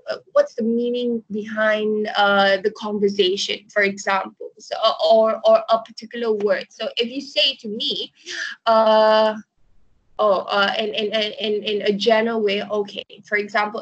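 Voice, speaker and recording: Woman lecturer, breathy voice, dry close sound, explains with examples, lots of okay-so and restarts. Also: on the high side, no room sound, dull audio. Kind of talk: online university lecture.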